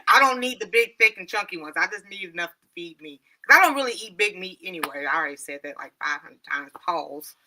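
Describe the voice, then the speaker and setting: A woman's voice: fairly low pitch, expressive, brisk, sharp tone. A middle-aged woman hosting a casual livestream chat, laughing often and reading out viewer comments. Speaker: livestream host.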